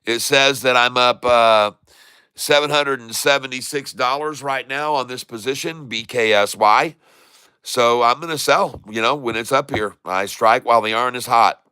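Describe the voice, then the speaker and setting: A man hosting a casual stock trading livestream, folksy and excitable, chatting to viewers while he trades. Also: mid-range voice, normal speed, smooth, no room sound, clean studio sound. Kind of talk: casual live market commentary.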